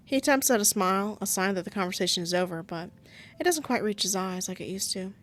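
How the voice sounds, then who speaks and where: A woman's voice: mid-range voice, fast, a bit bright, soft background music. A woman with a sore throat, reading a visual novel aloud and breaking off into casual, self-mocking asides. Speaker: game streamer.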